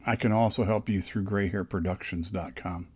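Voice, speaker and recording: A man's voice: sits low, steady tone, normal speed, breathy edge. An older man telling stories in a casual vlog, rambling and chatty with lots of restarts, recorded close on a dynamic studio microphone. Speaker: podcast host.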